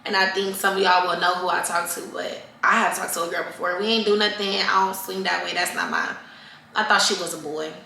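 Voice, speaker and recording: A woman's voice: on the low side, steady tone, brisk, vocal fry, sharp tone, slight background noise. A woman in her twenties answering fan questions in a casual vlog, talking candidly and animatedly, swearing freely and calling her viewers y'all. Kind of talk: casual Q&A chat to camera. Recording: echoey room.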